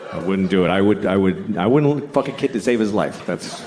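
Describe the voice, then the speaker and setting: A middle-aged man doing a blunt, deadpan stand-up comedy set, often acting out other people's voices. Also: low voice, a little fast. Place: stage before a laughing audience. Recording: live stage recording with audience noise. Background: audience laughter.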